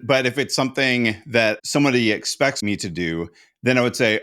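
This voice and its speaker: A man's voice: medium pitch, brisk, fairly bright tone. A man co-hosting a podcast, chatting casually and working through ideas as he explains them. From United States. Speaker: podcast co-host. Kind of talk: casual chat.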